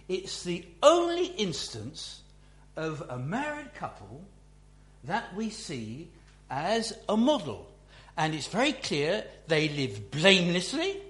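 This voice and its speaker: A man giving a Bible teaching talk as a preacher, in a slow, musing way with many restarts. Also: high-pitched, a bit bright. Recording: echoey room with faint hum.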